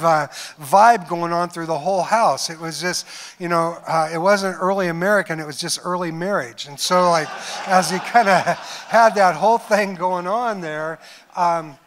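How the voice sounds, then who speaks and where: A man's voice: on the high side, fairly bright tone. An older man, a pastor, preaching a sermon and telling personal stories, acting out the dialogue with frequent chuckles. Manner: storytelling, acts out quoted dialogue, chuckles often. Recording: long hall reverb.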